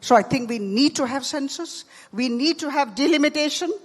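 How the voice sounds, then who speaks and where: A woman with an Indian English accent giving a forceful panel speech, stressing each point and repeating it for weight. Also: high-pitched, normal speed. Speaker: panel speaker. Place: large conference hall. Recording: long hall reverb.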